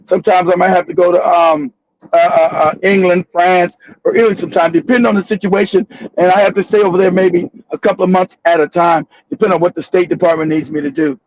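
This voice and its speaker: A man imitating a refined woman diplomat who speaks in a formal, self-important, measured way. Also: high voice, fairly even intonation, dry recording, pitched below the performer's own voice. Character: refined woman diplomat describing her job. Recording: dull, dry lo-fi audio.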